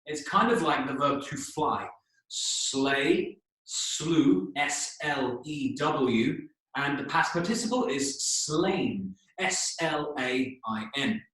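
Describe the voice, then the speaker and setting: A man teaching English, telling a story for learners, explaining slowly, spelling out words and checking in with "okay?". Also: fairly high pitch, lively intonation, bright, forceful tone. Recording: echoey room, voice a bit distant.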